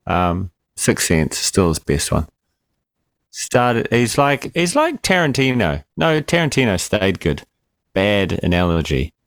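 A man's voice: sits low, sing-song, measured pace, no room sound. A man co-hosting a casual film review chat, jokey and wry. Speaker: podcast co-host.

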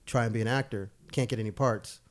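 A man's voice: mid-range voice, fast talker. A man, a guest actor and writer, telling stories in casual chat, laughing often and swearing freely. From United States. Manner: animated storyteller, laughs a lot, swears freely.

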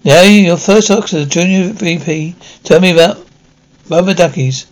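An actor playing a brisk, demanding male security firm executive in a TV drama, curt and questioning. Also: high-pitched, natural voice, rough recording. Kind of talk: TV drama acting.

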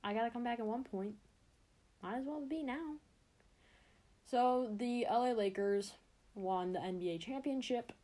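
A woman's voice: on the high side, a little slow, pauses often, mellow. A young woman hosting her own sports podcast, talking in a chatty, rambling way and cutting herself off. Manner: chatty and rambling, self-interrupting. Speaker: podcast host. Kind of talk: casual solo podcast chat.

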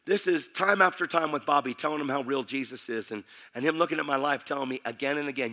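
A man's voice: medium pitch, quick pace, hardly any pauses, sharp tone. A man preaching, telling his life story in an urgent, vivid way. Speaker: preacher giving testimony. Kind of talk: sermon testimony.

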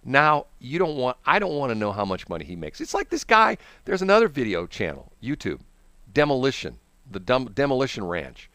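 A man's voice: medium pitch, fairly quick, no room sound. A man hosting a casual radio chat, telling stories and mimicking voices. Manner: animated storyteller, mimics voices. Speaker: radio host.

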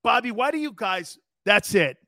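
A brash, high-pitched sports talk host swears freely and needles his viewers, answering their comments live and speaking straight to them. He sounds combative yet playful, expressive and bright, with a forceful tone at a moderate pace. The recording is dry, with no room sound or echo.

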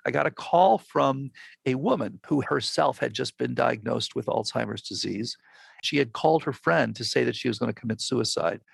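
An older man with a gravelly, slightly husky voice tells his story as an interview guest, acting out the lines of the people he quotes. The sound is dry and close to the mic. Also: medium pitch, normal speed, no room sound. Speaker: physician and researcher guest.

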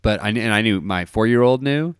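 A man in his thirties hosting a podcast in a casual chat, relaxed and quick to laugh. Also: on the low side, clean tone, no echo, studio quality. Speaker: podcast host.

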